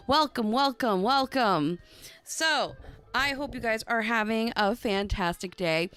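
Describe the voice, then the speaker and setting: A woman with a bright, forward voice hosts a tarot livestream in casual chat. She is bubbly and loose-tongued, with casual swearing throughout. Faint music plays behind her. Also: a little high, expressive, a little slow. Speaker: tarot reader and livestream host.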